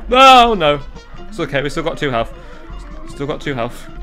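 A young man commentating a video game, excitable and jokey, yelling and swearing at it and talking himself down between fits. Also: fairly high pitch, moderate pace, faint music behind. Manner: talks to himself, jokey asides. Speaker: gaming YouTuber. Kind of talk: let's play commentary.

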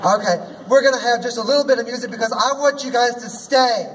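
A man's voice: very high-pitched, fast, far from the mic, slight background noise, rough recording. Sassy drag queen emceeing a rally. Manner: sassy, folksy, calls crowd to cheer. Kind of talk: rally speech. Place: outdoor rally.

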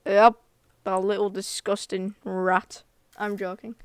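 A woman streaming a game live, talking casually to viewers, excitable and giggly, full of slang. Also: mid-range voice, slow, clean tone, no echo, clean studio sound. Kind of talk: casual live gameplay commentary.

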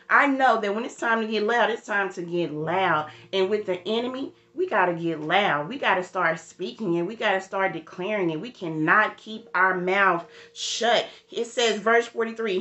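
A woman's voice: medium pitch, moderate pace, hardly any pauses, sharp tone, reverberant, dull audio. A woman leading a livestreamed morning devotional, preaching with rising emphasis and greeting viewers in the chat by name. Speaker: church devotional leader.

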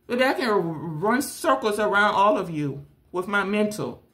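A woman with a voice of middling pitch addresses her viewers directly. She hosts a tarot channel and talks in a blunt, confrontational rant. She circles back to the same points again and again. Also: lively intonation, normal speed, fairly bright tone. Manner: confrontational, blunt, repeats herself.

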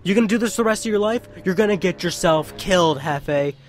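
A man's voice: high voice, fairly quick, voice pushed up, lightly acted. Man putting on worried middle-aged parent, nagging, lecturing, raised voice.

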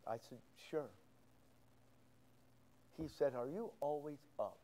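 Man, middle-aged, pastor, sermon, high-pitched, emphatic scripture reading. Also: slow, warm tone. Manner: preaching with big swings of emphasis, quoting scripture.

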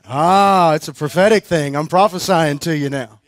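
High-voiced preacher telling a story. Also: male voice, moderate pace, no room sound. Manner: chatty, laughing, many fillers and restarts. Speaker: guest preacher. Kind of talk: sermon storytelling.

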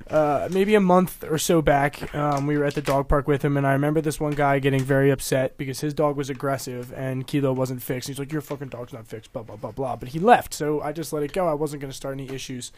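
A man in a casual podcast chat, telling an animated, profane story about an argument. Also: medium pitch, fast, few pauses.

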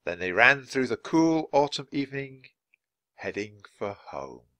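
Expressive male storybook reader. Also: mid-range voice, a little slow, no room sound. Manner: clear, expressive reading. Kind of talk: children's book read-aloud for English learners.

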